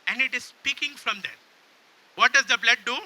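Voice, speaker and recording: A man's voice: very high voice, moderate pace, bright, forceful tone. A man preaching a sermon, drawing call-and-response from the congregation and repeatedly asking if they understand. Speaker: pastor.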